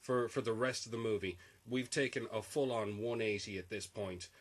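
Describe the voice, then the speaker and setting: A man's voice: on the low side, steady tone, moderate pace. Wry man with sarcastic asides. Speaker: podcast co-host. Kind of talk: casual film chat.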